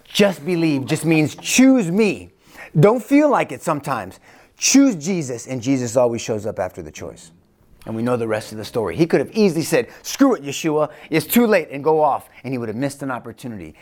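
A man's voice: very animated, a little fast. Fervent man giving faith testimony. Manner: fervent, swings between loud bursts and hushed low tones. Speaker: guest.

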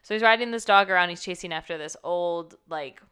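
A woman with a smooth, fairly low voice hosts a casual podcast. She recaps a movie in a loose, chatty way, padding her sentences with "like" and "um". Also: fairly quick, pushed and bright. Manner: chatty, recaps scenes with lots of "like" and "um". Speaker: podcast host. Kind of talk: casual movie-discussion chat.

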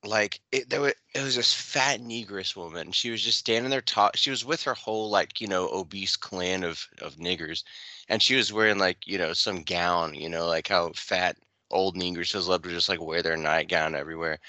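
A man with a somewhat low but very bright, forward voice rambles through crude anecdotes. He leans on filler words and keeps laughing. The sound is dry and close. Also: normal speed, no room sound. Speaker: podcast co-host. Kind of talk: casual crude chat.

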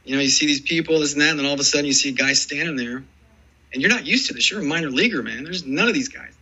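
A man in his forties, a former baseball player, telling rambling, animated stories in a casual interview. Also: on the high side, rapid-fire, husky, lo-fi sound. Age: 40s. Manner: rambling, animated storytelling full of "dude" and "man".

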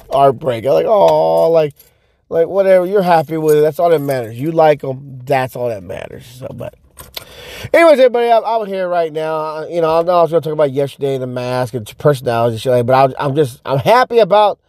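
A man's voice: high voice, mellow, no room sound. A man vlogging from his car in a rambling, profane, frustrated rant about his videos. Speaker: social media creator. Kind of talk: casual vlog rant while driving. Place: in a car on the road. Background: faint car noise.

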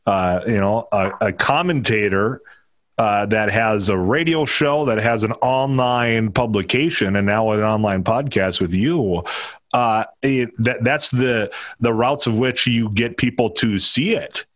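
A low-pitched man chatting as the host of a political podcast. He rambles through long sentences, stopping and restarting often. His voice sounds close and dry, with no room around it. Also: measured pace, no room sound. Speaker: podcast host and radio commentator. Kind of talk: casual political podcast chat.

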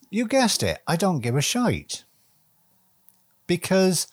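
Lively-voiced rambling man musing aloud. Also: a little high, no room sound, clean studio sound. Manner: rambling, conversational, with frequent fillers; blunt and earthy, mixing musing with swearing. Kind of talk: casual reflective monologue.

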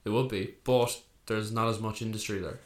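Young male co-host, relaxed chatty banter, swears freely. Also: fairly low pitch, moderate pace. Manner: laid-back, swears freely, laughs often. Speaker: podcast co-host. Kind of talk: casual banter.

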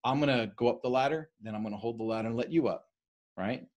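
A man from the East Coast of the US leading a casual study of a leadership book, talking fast and often checking in with "right?". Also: medium pitch, a little mellow.

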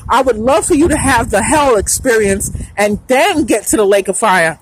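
A woman's voice: a little high, expressive, normal speed, slight background noise, poor audio. A woman hosting a podcast, delivering an emphatic, preachy religious monologue, repeating lines and breaking into sung phrases. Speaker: podcast host.

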